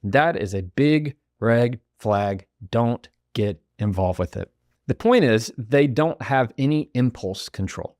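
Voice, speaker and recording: A man's voice: mid-range voice, slow pace, dry recording, studio quality. A man, hosting a motivational podcast and acting out quoted voices. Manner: animated, acts out quoted voices. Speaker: podcast host.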